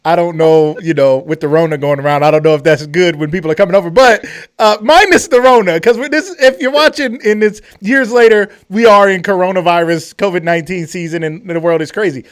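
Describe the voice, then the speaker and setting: A male host of a live cooking stream, playful and quick to joke. He teases his guest and reads out viewer comments with plenty of energy. His voice sits slightly high. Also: clear, resonant tone. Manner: playful, joking, excitable.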